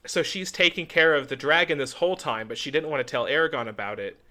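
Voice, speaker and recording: A man's voice: on the high side, fast talker, bright, forceful tone. A young adult man co-hosting a podcast, chatting casually and acting out characters' lines as he retells a story. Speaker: podcast co-host. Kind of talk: casual chat.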